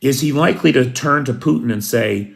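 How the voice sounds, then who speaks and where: Gravelly, blunt American news commentator. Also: male voice, medium pitch, fairly quick. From United States. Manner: blunt, opinionated, rhetorical questions.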